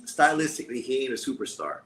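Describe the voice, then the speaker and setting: A man's voice: medium pitch, big pitch swings, fast talker, fairly bright tone. Blunt, foul-mouthed man streaming. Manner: blunt, crude, heavy swearing. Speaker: host of a live boxing watch-along stream. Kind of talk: casual live-stream commentary. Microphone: streaming setup. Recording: roomy echo with faint background noise.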